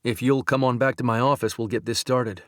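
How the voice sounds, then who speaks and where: A man voicing a calm male country doctor in an audiobook, speaking gently and steadily. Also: mid-range voice, fairly quick, no room sound, studio quality, close to an everyday voice. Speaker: audiobook narrator. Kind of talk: audiobook dialogue reading.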